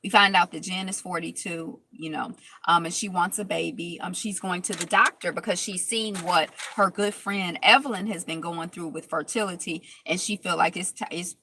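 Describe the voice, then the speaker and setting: A woman's voice: on the low side, steady tone, moderate pace, bright, forceful tone, slight background noise, rough recording. A woman casually recapping a reality TV episode, rambling with lots of fillers and restarts.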